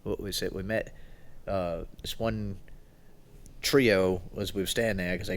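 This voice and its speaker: A man's voice: low-pitched, steady tone, moderate pace. A man co-hosting a podcast, telling a meandering story in a loose, casual way. He laughs often and slips into other people's voices when he quotes them. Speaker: podcast co-host. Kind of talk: casual chat.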